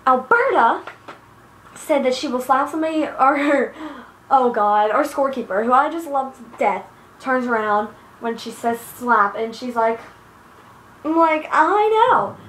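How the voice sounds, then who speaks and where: A teenage girl rants with profane exasperation in a bright, high voice. She rambles from point to point, recorded on a handheld device's built-in mic in an echoey room. A faint hiss sits under her voice. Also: unhurried. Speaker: vlogger. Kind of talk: angry personal rant. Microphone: iPod built-in mic.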